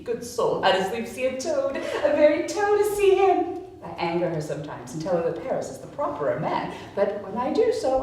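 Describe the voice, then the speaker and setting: A fussy old nurse, chatty and teasing, played by a woman on stage. The voice sits high and swings widely in pitch. It comes from a distant camera mic with heavy echo and a faint hiss. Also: darkish tone. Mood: gossipy. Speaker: stage actor. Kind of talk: live outdoor Shakespeare performance.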